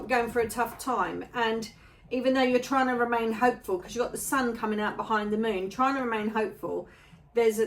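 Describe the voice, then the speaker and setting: Chatty woman reading tarot. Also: a little high. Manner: chatty, musing, repeats phrases. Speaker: tarot reader. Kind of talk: casual tarot reading to camera.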